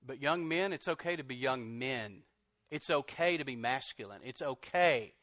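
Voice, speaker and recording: A middle-aged man preaching a sermon, animated, swinging from loud outbursts to soft, confessional lines. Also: medium pitch, moderate pace, dry recording. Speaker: pastor.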